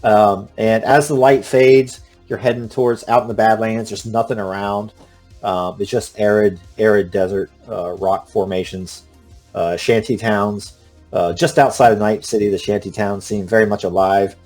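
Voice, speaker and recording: A man runs a tabletop game, describing scenes in a lowish voice. He pauses often on uh and um as he narrates. Faint music plays behind him. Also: fairly even intonation, darkish tone. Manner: halting, full of uh and um. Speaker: game master.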